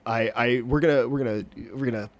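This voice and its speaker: Male podcast host, stuffy cold voice, rambling self-mocking delivery, mid-pitched, dry close sound. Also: fairly even intonation, quick pace, dry recording. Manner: rambling, jokey, self-deprecating. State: congested, getting over a cold. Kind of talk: rambling solo podcast chat.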